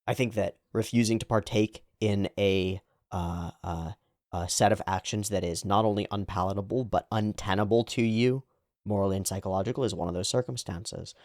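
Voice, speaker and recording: A man's voice: fairly low pitch, fairly even intonation, normal speed, darkish tone, dry recording, studio quality. A man reading a comic aloud and riffing on it in jokey, casual commentary, laughing often. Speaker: comic reader. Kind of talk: casual read-along commentary.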